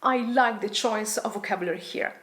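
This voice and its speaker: A woman's voice: medium pitch, brisk, a bit bright. A woman teaching a language lesson, reading example phrases aloud and then translating and explaining them. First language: Italian.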